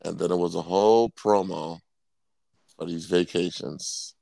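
A man's voice: sits low, steady tone, a little slow, creaky, warm tone, no room sound. A man co-hosting an uncensored podcast, laid-back and laughing as he tells stories. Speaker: podcast co-host. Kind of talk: casual uncensored podcast banter.

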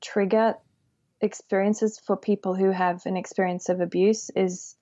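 A woman who grew up in Australia, speaking thoughtfully and in a measured way in a podcast discussion. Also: medium pitch, little pitch movement, mellow, dull audio.

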